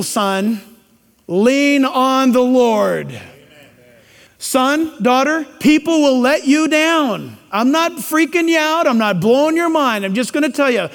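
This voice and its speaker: A man preaching a sermon in a church, emphatic and preachy with joking asides. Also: extremely high pitch. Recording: long hall reverb.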